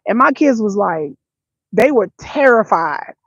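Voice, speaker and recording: A woman's voice: mid-range voice, lively intonation, a little slow, fairly bright tone, no room sound, highs cut off. A middle-aged woman from the Detroit area talking candidly to camera, telling stories with many restarts and voiced asides. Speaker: vlogger. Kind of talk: casual talk to camera.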